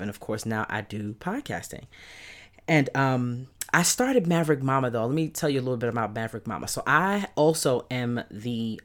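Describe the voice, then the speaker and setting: A woman in her thirties from Brooklyn with a New York accent, hosting a casual solo podcast in an upbeat, chatty way. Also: very deep voice. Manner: upbeat and chatty, with loud excited peaks. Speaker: podcast host.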